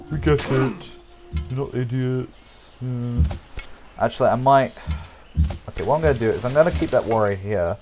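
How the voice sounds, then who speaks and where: A man's voice: medium pitch, a little mellow. A man giving casual, jokey gameplay commentary, rambling and talking straight to his viewers. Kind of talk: casual let's-play commentary.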